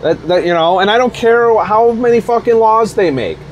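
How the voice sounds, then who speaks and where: A man's voice: high voice, lively intonation, moderate pace, highs cut off, slight background noise. Profane, fired-up man ranting. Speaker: truck driver vlogger. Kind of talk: heated vlog rant. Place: out on the road.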